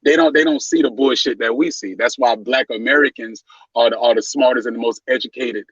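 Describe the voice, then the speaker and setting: Man, livestream guest, husky voice, heated, emphatic, profane, muffled dry call audio. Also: mid-range voice, brisk, a bit bright, dry recording. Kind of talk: casual livestream chat.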